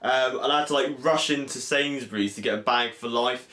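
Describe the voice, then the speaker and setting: Excitable young man in echoey room. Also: mid-range voice, brisk. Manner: chatty and excitable, many fillers, quotes others in an animated voice. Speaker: vlogger. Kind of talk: casual convention recap vlog.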